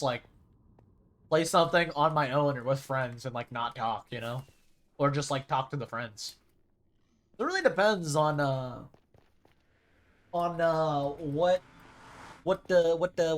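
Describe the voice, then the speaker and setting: A young man streaming a video game, chatting casually and rambling as he plays. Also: a little high. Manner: rambling, chatty, with sudden loud mimicking shouts. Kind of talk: casual gameplay chat.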